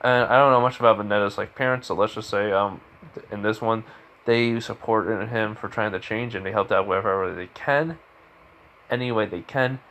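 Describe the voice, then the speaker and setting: A man's voice: lowish voice, fairly even intonation, normal speed, fairly bright tone. Rambling male fan storyteller. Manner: rambling, full of fillers and restarts. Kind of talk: casual improvised storytelling.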